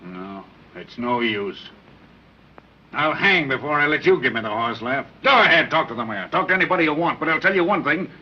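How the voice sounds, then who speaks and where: An actor playing a smooth-talking gangster who bargains in slang in an old film. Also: male voice, fairly high pitch, expressive. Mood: bargaining. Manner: fast-talking, persuasive slang. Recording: dull muffled 1930s film soundtrack.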